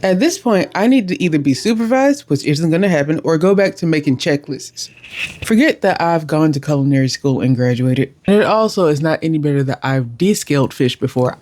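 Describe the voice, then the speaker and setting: Animated, exasperated young woman vlogger. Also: deep voice. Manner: animated and exasperated, self-deprecating. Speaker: cooking vlogger. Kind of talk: casual storytelling voice-over.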